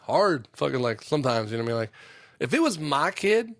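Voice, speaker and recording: A man's voice: a little high, sing-song, a little fast, a bit bright, dry recording, clean studio sound. A man who works a union trade, hosting a podcast in a loose, rambling monologue full of swearing and fillers. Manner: profane, lots of fillers.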